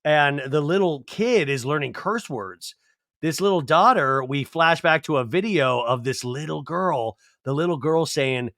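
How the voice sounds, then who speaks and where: A man talking through a reality show recap in a loose, joking, rambling way, his voice sitting a little high for a man. The sound is dry and close, with no room around it. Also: a little slow, no room sound. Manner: animated, digressive, jokey. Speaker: podcast host. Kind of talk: casual comedic TV recap.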